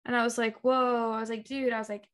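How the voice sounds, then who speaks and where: A young woman in a relaxed interview, speaking in a fairly high voice. She tells her story with lively back-and-forth, putting on the voices of the people she quotes. Her talk is loose and bubbly, full of fillers and laughter. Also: rapid-fire. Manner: animated storyteller, acts out quoted dialogue, laughs often. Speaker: guest, talk show creator. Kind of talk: casual interview chat.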